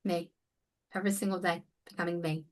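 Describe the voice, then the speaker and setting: A woman's voice: lowish voice, flat delivery, fairly quick. A woman life coach speaking as a guest in a conversational interview, earnest and emphatic. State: near tears.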